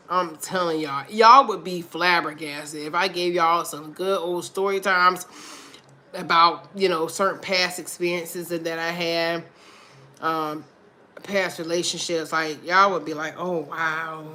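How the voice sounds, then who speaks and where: A woman's voice: on the low side, fairly even intonation, measured pace, sharp tone. A woman chatting animatedly with her livestream viewers, laughing and calling them girl and y'all. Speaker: vlogger on a livestream.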